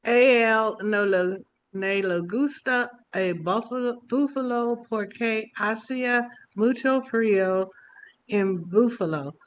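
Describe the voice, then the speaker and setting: A woman student carefully reading a Spanish text aloud in class, pausing and restarting. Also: fairly high pitch, slight background noise.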